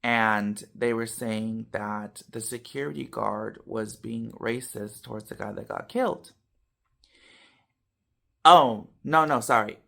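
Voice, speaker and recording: A man vlogging casually to his viewers, telling a story with animated swings between loud and soft, tagging lines with "you know" and "okay.". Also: lowish voice, takes it slowly, vocal fry. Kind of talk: casual talk to camera.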